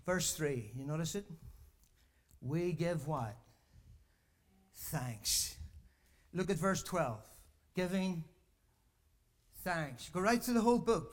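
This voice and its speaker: An older man delivers a sermon in a church in a fairly high voice, a little out of breath from walking back and forth. He keeps asking the congregation for an "Amen?", rising to loud emphasis and then dropping to soft, low asides. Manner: preaching with frequent call-and-response "Amen?". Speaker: pastor.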